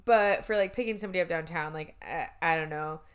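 A woman's voice: low-pitched, fast, clean tone. A young woman in her twenties telling a story in casual chat, swearing, laughing and using lots of fillers.

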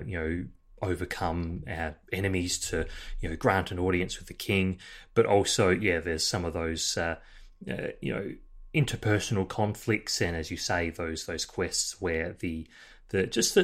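A man's voice: sits low, fairly bright tone. A man hosting a casual game discussion, talking thoughtfully with many fillers and restarts.

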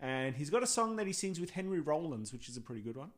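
A man's voice: a little high, big pitch swings, quick pace. A man chatting cheekily as a guest on a casual podcast.

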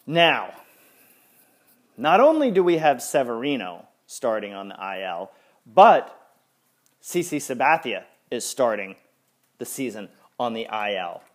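A man hosting a sports podcast in casual chat, ranting with exasperation and stumbling restarts. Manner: lively, swinging up and down in pitch. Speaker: podcast host.

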